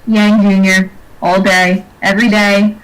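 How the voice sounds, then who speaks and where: A woman joining a casual fan podcast chat, teasing and joking in a deadpan way. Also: mid-range voice, a little slow, low-quality recording. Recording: clear crowd noise behind the voice.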